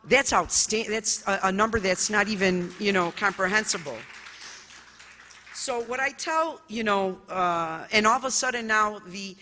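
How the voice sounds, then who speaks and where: A middle-aged woman judge from the United States, telling personal stories at a conference in an expressive, loud way with many fillers. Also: medium pitch, unhurried, slight background noise. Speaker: judge giving a conference talk. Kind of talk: conference speech, personal storytelling. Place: large conference hall. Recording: echoey conference hall.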